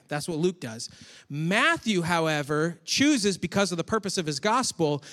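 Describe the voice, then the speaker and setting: A man from Western New York preaching a conversational sermon, with chatty, animated asides to the congregation. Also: a little high. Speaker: pastor. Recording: long hall reverb.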